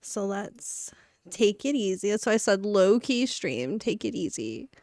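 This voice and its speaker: With big pitch swings and a darkish tone, her mid-range voice moves at normal speed. She's chatting casually on a live stream while working, rambling and self-narrating, a little out of breath. The audio is dry and studio quality.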